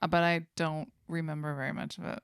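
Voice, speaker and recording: A woman in her forties with a lowish, smooth voice tells a story in relaxed, rambling podcast chat. The sound is close and dry. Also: fast talker, no room sound.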